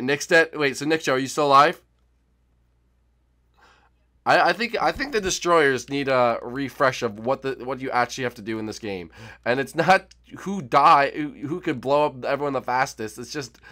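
A man hosting a gaming channel, commentating Minecraft gameplay with friends, swinging from low muttering to panicked screams. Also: sharp tone.

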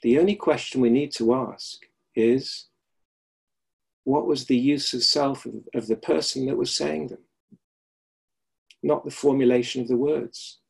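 A man's voice: mid-range voice, creaky, a little mellow, husky. A middle-aged man teaching the Alexander Technique in a webinar, reflective and repeating key phrases for emphasis, heard over a video call. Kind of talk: webinar lecture with anecdotes.

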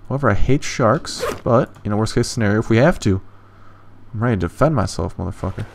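A young man doing let's play commentary, excitable and swearing often, jumping into high yelps when frustrated. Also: a little fast, a little hiss or hum. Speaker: gaming YouTuber.

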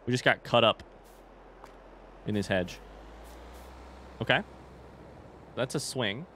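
A man's voice: medium pitch, slow pace, a bit bright, slight background noise. A young man chatting casually with his live chat while playing a farming game, swearing now and then. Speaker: streamer. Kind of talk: casual live-stream gaming commentary.

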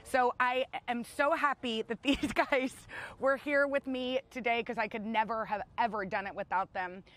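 At a moderate pace and fairly high pitch, a thirtysomething woman co-hosting a talk show chats casually. She sounds excited, laughs often, and regularly starts her sentences over.

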